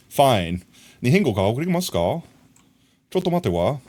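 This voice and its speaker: A young man on a casual live stream, his voice sitting at an ordinary middle pitch. He rambles and jokes, drifting into quiet muttering as he plays, then turns to tease his chat. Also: sing-song, normal speed, long pauses. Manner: rambling, jokey, mutters to himself while crafting; teases and scolds chat playfully. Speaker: livestreamer.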